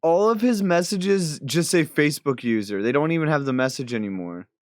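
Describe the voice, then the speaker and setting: A man's voice: on the high side, expressive, brisk, dry recording, clean studio sound. A man in casual podcast chat, easygoing and chuckling.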